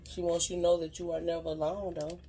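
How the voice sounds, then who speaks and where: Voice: mid-range voice, flat delivery, fast, noisy background. A spiritual advisor giving a casual card reading straight to viewers, earnest and rambling, often repeating "you know what I'm saying.". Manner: earnest and heartfelt, speaking directly to viewers.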